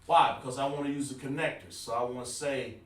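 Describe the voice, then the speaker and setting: A man's voice: medium pitch, fairly even intonation, fast, a bit bright. A man teaching a casual, informal live-streamed language lesson at a board and calling on viewers by name. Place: room with a writing board. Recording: roomy sound, mic far from the speaker.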